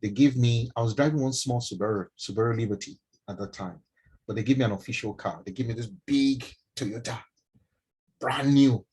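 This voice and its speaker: Husky Nigerian man telling a story. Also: mid-range voice, brisk, low-quality recording. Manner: emphatic, animated, addresses listeners directly. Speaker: doctor and mentorship speaker. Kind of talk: personal storytelling to an online audience. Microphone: online stream from home.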